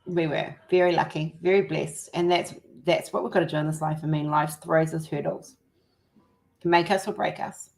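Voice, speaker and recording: A woman's voice: low voice, steady tone, normal speed, gravelly, darkish tone. A woman from New Zealand with a New Zealand accent, chatting casually on a livestream, rambling and laughing often. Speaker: livestream host. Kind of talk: casual chat.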